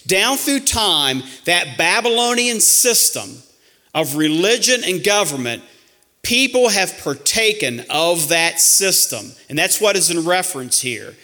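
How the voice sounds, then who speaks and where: A man delivers a sermon from the pulpit in a high, bright, ringing voice. He reads scripture slowly and deliberately, then presses his congregation with urgent, emphatic warnings. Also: sing-song. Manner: preaching with rising emphatic warnings, dropping to hushed asides. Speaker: pastor.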